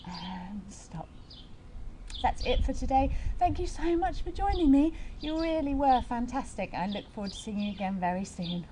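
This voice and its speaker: A woman's voice: a little high, lively intonation, normal speed, warm tone, slight background noise. A woman teaching a yoga class for young children, giving playful, encouraging, story-like instructions.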